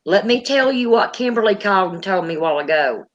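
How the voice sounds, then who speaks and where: A woman's voice: mid-range voice, expressive, quick pace, dull audio. A woman hosting a casual paranormal chat, animatedly retelling a story and acting out the quotes. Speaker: paranormal channel host.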